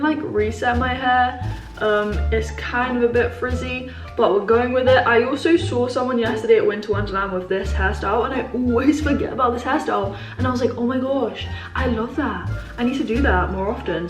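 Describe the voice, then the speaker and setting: A young woman in her twenties talks casually to her camera, rambling and full of fillers. Her voice sits a little high. The room sounds roomy, with faint music behind. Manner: chatty, rambling, many fillers. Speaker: vlogger. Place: indoors at home.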